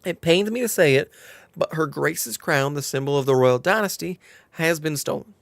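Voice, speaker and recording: A man's voice: fairly high pitch, very fast, vocal fry, dark tone, no room sound. Man doing a confiding southern-drawl innkeeper lady, game dialogue read aloud, dry close sound.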